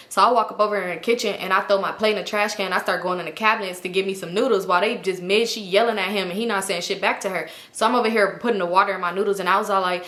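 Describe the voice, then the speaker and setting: A woman telling a wild storytime to her viewers, animated and laughing, in a roomy room. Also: mid-range voice, rapid-fire. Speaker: storytime vlogger. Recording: roomy echo.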